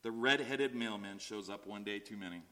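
A man preaching a sermon, telling a story and acting out the characters' lines. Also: moderate pace. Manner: storytelling with acted-out voices, animated swings in pitch. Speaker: pastor.

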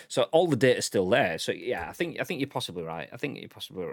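Lively low-voiced man chatting. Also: fast talker, vocal fry, few pauses, no room sound, studio quality. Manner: rambling, animated, playful banter. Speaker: stream co-host reading chat. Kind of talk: casual live-stream chat.

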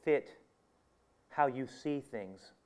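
A man voicing a gentle, patient male teacher who speaks softly and coaxingly. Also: medium pitch, very slow, smooth. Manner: soft, calm, coaxing.

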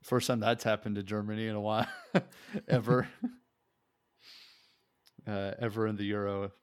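A man's voice: fairly low pitch, little pitch movement, moderate pace, smooth, no echo, studio quality. A man chatting casually on a podcast, rambling and laughing often, swearing freely. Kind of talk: casual chat.

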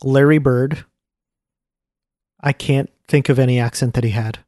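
Male co-host, thoughtful explainer, mid pitch, dry sound. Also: steady tone, a little slow, darkish tone, no echo. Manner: explanatory, musing on accents. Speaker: podcast co-host. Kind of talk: casual chat.

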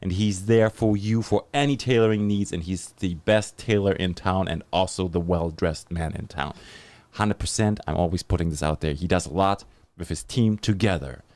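A German-accented man hosts a live podcast. He talks in a low-pitched, upbeat way, hyping his sponsors and guests. The sound is close and dry. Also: moderate pace, darkish tone, no echo. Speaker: podcast host. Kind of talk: live podcast chat and read ads.

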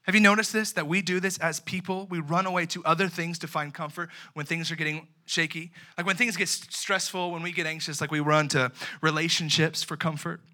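A young man delivers a sermon in an easygoing, chatty way, sprinkling in slang and playing out little scenes. His voice sits a bit high and rings bright and forceful. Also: brisk, few pauses. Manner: animated, conversational preaching with slang and acted-out asides. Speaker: youth pastor.

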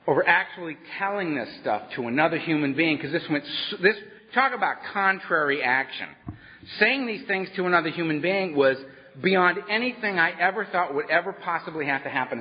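Man, workshop speaker, wry storyteller, highish voice, echoey hall, dull old recording. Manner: animated, wry storyteller who laughs through his lines. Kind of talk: personal storytelling talk to a live audience. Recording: dull lo-fi with long hall echo.

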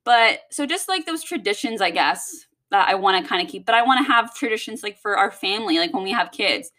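Young woman vlogger, bright and sharp tone, rambling casual venting full of cussing. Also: mid-range voice, lively intonation, a little fast. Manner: rambling and heavy on swearing.

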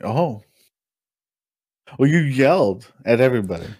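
Young male co-host, teasing, cuts in constantly, lively swings in pitch, dry sound. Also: measured pace, husky, no echo. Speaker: podcast co-host. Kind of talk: casual chat.

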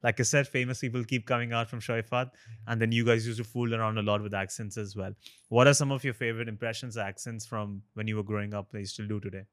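A man's voice: lowish voice, flat delivery, fast, a bit bright, no echo, clean studio sound. Playful male interview host. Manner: playful and teasing. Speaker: podcast host. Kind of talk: casual interview chat.

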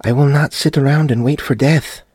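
A man voicing a frightened middle-aged wife and mother who pleads through tears in a dark audiobook story. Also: medium pitch, steady tone, normal speed, husky, dry recording, clean studio sound, pitched above the performer's own voice, close to an everyday voice. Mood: pleading. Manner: tearful, pleading.

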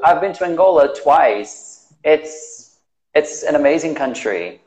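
A high-pitched man from Brazil chats in English with a Brazilian Portuguese accent, telling stories with lots of animation and frequent restarts. His voice sits in an echoey room. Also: lively intonation, slow pace, darkish tone. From Recife, Brazil. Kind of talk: casual chat in English.

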